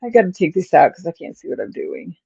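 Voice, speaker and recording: A woman's voice: lowish voice, lively intonation, fast talker, creaky, warm tone, slightly rough, dry recording, muffled recording. A woman hosting a casual crochet livestream, chatting to viewers and muttering to herself as she works stitches, often apologetic. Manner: chatty, distracted, talking to herself while crocheting; apologetic, yawning.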